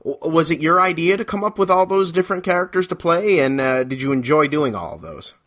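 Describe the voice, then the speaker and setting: A man's voice: on the high side, expressive, fairly quick, fairly bright tone. A man hosting a casual interview, friendly and encouraging, with frequent affirmations. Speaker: podcast host.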